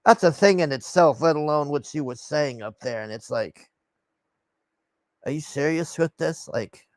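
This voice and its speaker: Exasperated and rambling, a man vents to his camera as a vlogger, cursing frequently and letting sentences fade into sighs. He speaks at a normal pace in a voice on the high side, with no room sound.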